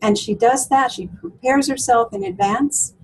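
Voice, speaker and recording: A coach who works with women talks through client stories in an interview, using lots of fillers and restarts. Her voice is fairly high with a breathy edge, she speaks a little slowly, and the recording quality is low.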